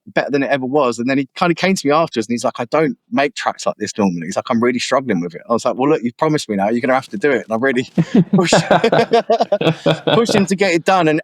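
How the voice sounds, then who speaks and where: A young man, an MC, telling stories casually in an interview and lively acting out the voices of people he quotes. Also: medium pitch, dry recording. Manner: animated, acts out quoted voices. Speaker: MC and guest artist. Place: podcast studio.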